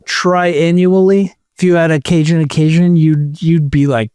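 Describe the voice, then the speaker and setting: Guy cohosting a podcast, clear smooth voice, rambling jokey chat, dry close sound. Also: fairly high pitch, fairly even intonation, unhurried, darkish tone, no room sound. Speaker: podcast co-host. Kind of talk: casual chat.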